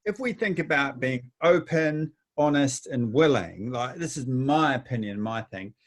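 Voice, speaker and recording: A man's voice: mid-range voice, expressive, a little slow. A man hosting a casual talk, rambling with many restarts and telling anecdotes. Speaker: host. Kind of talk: casual chat.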